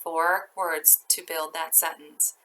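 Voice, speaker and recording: A woman teacher reads out spelling words and sentences at a very slow, deliberate pace, drawing out each part so children can write along. Her tone is bright and her pitch sits a little low. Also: fairly even intonation, slight background noise, poor audio. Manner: slow, deliberate dictation, stretching each word. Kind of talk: dictating a spelling test.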